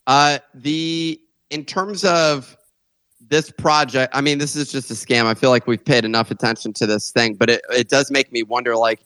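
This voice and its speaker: A man's voice: mid-range voice, fairly even intonation, moderate pace, a bit bright, dry recording. Jokey man on a dry mic. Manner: jokey, laughs often, restarts. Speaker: co-host. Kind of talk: casual podcast chat.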